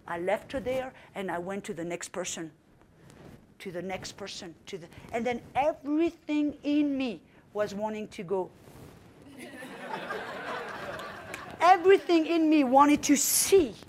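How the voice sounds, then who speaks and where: High-voiced woman preaching fervently. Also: a little hiss or hum. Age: young adult in 1994, now middle-aged. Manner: fervent storytelling, rising to commanding outbursts. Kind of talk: sermon.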